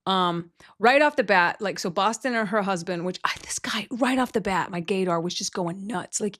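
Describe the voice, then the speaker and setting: A woman's voice: medium pitch, normal speed, few pauses, dry recording. Chatty woman from Texas, dry close mic. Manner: animated, jokey, lots of acted-out quotes. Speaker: podcast host. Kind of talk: casual podcast chat.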